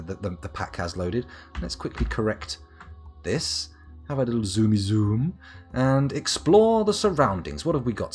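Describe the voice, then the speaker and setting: A man rambles through a live game stream, poking fun at himself as he goes. His voice is husky, and his pitch jumps around in lively swings. Faint music runs underneath. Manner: rambling, self-mocking, jokey. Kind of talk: live gameplay commentary.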